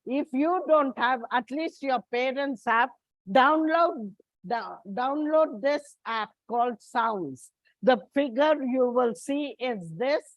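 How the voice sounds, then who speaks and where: A woman's voice: sits high, dry recording, muffled recording. A woman teacher, giving a classroom lecture and explaining step by step. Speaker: English teacher.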